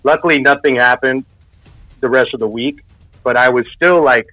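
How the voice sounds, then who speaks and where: A man's voice: mid-range voice, normal speed, sharp tone, no echo. A man telling a personal spooky story in a casual, rambling way, full of filler words. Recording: dull lo-fi sound with faint music.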